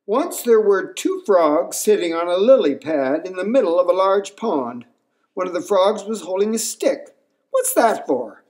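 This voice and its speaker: A man reading a children's picture book aloud as a storyteller, with expressive narration. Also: sits high, normal speed.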